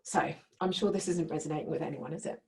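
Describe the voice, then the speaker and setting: Woman workshop leader with a low, warm voice; conversational and keeps checking in with the group. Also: racing. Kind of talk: teaching a live group.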